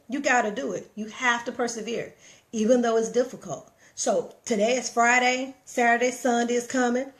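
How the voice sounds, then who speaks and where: A middle-aged woman hosting a live stream, giving casual motivational talk straight to her viewers, emphatic and repetitive, talking into her phone. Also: a little high. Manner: preachy, emphatic, repeats herself, talks straight to viewers.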